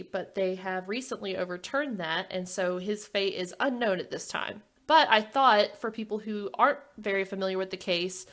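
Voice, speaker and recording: A woman's voice: mid-range voice, a bit bright. A woman hosting a true crime podcast, chatting casually and laughing easily. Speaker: podcast host.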